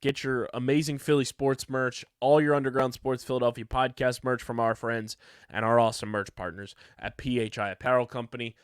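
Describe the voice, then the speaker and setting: A man's voice: medium pitch, smooth, dry recording. Male host, tired late-night energy, enthusiastic reviewer, dry close sound. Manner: energetic, enthusiastic, fast ad reads. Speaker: podcast host. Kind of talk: podcast review and ad reads.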